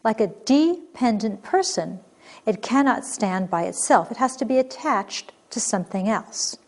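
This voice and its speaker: A woman teaching a recorded grammar lesson, reading example sentences clearly and expressively, then explaining them. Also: fairly high pitch, expressive, unhurried, darkish tone.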